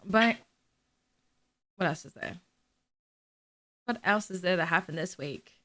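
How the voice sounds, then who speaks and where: A young woman co-hosting a casual gaming podcast, talking in quick bursts with restarts and laughter. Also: fairly low pitch, lively intonation, a bit bright. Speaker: podcast co-host.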